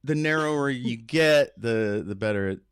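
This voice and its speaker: A man's voice: medium pitch, moderate pace, clear, resonant tone, dry recording. A man in his late forties talks casually as a podcast guest, in a mid-range voice recorded with a dry, close sound. He rambles, hesitates and corrects himself as he goes. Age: 40s. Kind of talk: casual chat.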